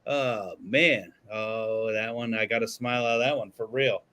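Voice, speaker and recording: A man co-hosting a podcast in casual chat, joking and excitable, swearing freely. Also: lowish voice, moderate pace, clear, resonant tone. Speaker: podcast co-host. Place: podcast studio.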